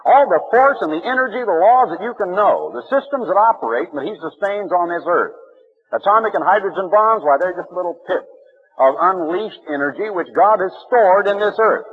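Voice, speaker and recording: A man's voice: high-pitched, animated, fairly quick, slightly rough. A man preaching an impassioned radio sermon, his voice swinging widely and rising in emphasis. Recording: muffled old radio broadcast.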